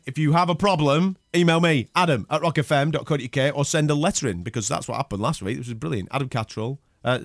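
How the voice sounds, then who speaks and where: Guy hosting breakfast radio, rattles along quick, dry close studio sound. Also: fairly high pitch, dry recording. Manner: quick, chatty and jokey. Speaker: radio breakfast show host. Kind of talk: casual radio banter. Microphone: studio microphone.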